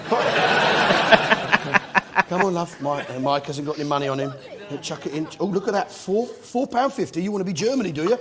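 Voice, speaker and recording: A middle-aged English man doing stand-up comedy on a theatre stage, ranting and swearing at a live crowd. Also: a little high. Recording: noisy live stage recording with laughter.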